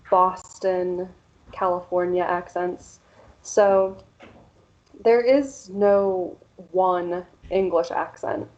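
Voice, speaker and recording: Woman, Central Pennsylvania accent, workshop presenter; slow, explanatory delivery, muffled lo-fi sound. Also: fairly low pitch, darkish tone. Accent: Central Pennsylvania American. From Central Pennsylvania, USA. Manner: explanatory, measured, with frequent "um" and "so", light laughs. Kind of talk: pronunciation workshop talk.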